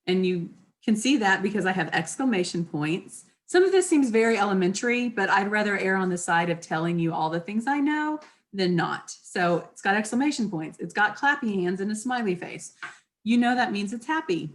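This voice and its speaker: A woman leading a small class, talking in a loose, chatty way. Her voice sits at an ordinary middle pitch. Now and then she acts out phrases in shifting tones to show how they can be read. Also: lively intonation, moderate pace. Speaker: class leader. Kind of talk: casual classroom teaching. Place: class session with participants.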